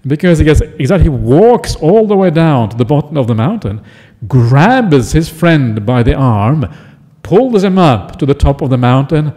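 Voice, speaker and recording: A man's voice: fairly high pitch, big pitch swings, moderate pace, few pauses, mellow. A man, a Buddhist monk, giving a chatty dharma talk and often checking in with listeners. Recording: echoey hall.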